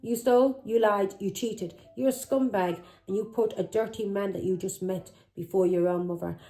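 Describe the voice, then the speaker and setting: A woman's voice: medium pitch, moderate pace, dark tone, rough recording. A middle-aged woman, a tarot reader who talks in an angry, accusing way, swearing and firing taunting questions. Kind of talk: tarot reading vlog.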